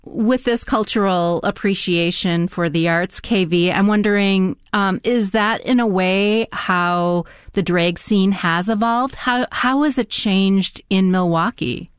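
A woman hosting a radio interview, asking questions in a calm, measured way. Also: mid-range voice, clear, resonant tone, no echo, studio quality. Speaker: interview host.

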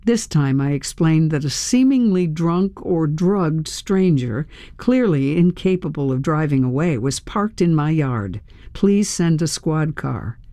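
A narrator reading a tense first-person story aloud in a measured, storytelling manner. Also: mid-range voice, expressive, mellow, no room sound, studio quality. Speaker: audiobook narrator.

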